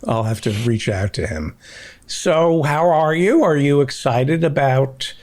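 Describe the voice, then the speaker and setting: A middle-aged man hosting a podcast, reminiscing in casual chat and quick to laugh. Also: a little high, animated, darkish tone.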